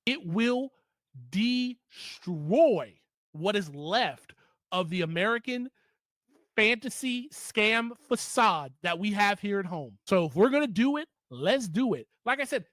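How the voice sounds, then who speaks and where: A man's voice: sits high, animated, slow pace, a bit bright, dry recording. A man giving an opinionated political commentary monologue, heated and emphatic, repeating points for stress.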